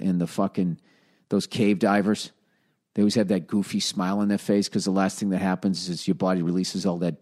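A man's voice: lowish voice, dark tone. A man hosting a podcast, talking in a casual comedic rant full of profanity and exasperation. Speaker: podcast host.

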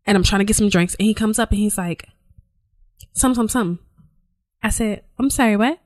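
A woman co-hosting a podcast, telling a story in casual chat, animated and profane, acting out quotes. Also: mid-range voice, fast, no room sound. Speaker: podcast co-host.

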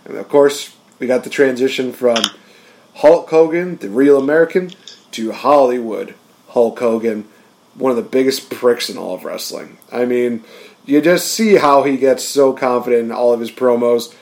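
Animated man in casual wrestling chat. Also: mid-range voice, moderate pace. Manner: animated, acts out wrestler promos in bursts. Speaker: podcast co-host.

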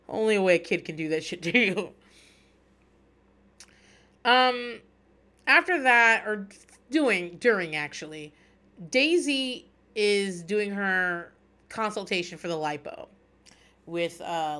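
A woman in her thirties talks through a reality show on her podcast. She is chatty and profane, with a wry, dry humor. Her voice sits at an ordinary middle pitch. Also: a bit bright. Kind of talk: casual solo recap chat.

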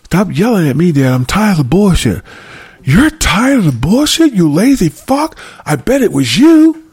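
A man voicing an enraged middle-aged father who yells and curses at his family in a high, strained voice. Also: very animated, normal speed, husky, exaggerated voice. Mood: furious. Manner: shouting, cursing, high strained yell.

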